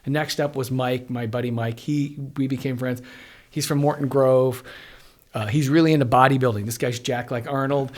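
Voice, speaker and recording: A man's voice: medium pitch, normal speed. A middle-aged man from Illinois, a guitarist and music educator, telling stories in a casual interview and laughing often as he talks. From Illinois, USA. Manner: animated storyteller who laughs often.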